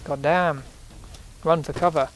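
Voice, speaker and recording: A man's voice: on the high side, fairly even intonation, a little slow, a little hiss or hum. A man giving rambling, casual commentary while playing a video game, sometimes swearing when startled. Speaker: let's play host.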